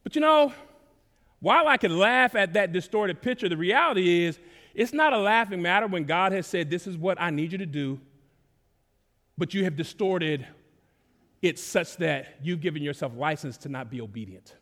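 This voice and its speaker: A man from Dallas, preaching a sermon in a relaxed, conversational way, with casual slang and sudden rises in volume. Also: sits high, moderate pace. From Dallas, Texas. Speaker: pastor. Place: church sanctuary. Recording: long reverb of a large hall.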